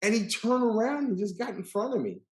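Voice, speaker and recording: A man hosting a casual interview, telling animated stories and acting out the people he quotes. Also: sits high, a little fast, reverberant. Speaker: podcast host.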